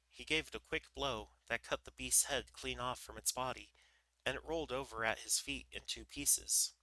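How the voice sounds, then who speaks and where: Streamer reading a story aloud, very bright voice, stumbles a bit. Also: male voice, medium pitch, no echo, poor audio. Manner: relaxed, with small slips and restarts. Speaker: livestream storyteller. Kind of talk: reading a children's book aloud.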